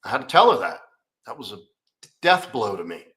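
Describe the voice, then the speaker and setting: A man's voice: lowish voice, sing-song, a little fast, sharp tone. A man, a coach telling a candid, profane, rambling personal story in a live Q&A.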